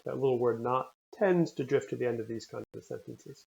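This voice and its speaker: A man with a mid-range voice teaching a recorded language lesson. He sounds out each word slowly and carefully, then repeats it for the learner. The recording is a little dull and lo-fi. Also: medium pitch, vocal fry, a little mellow. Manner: slow, careful pronunciation drills.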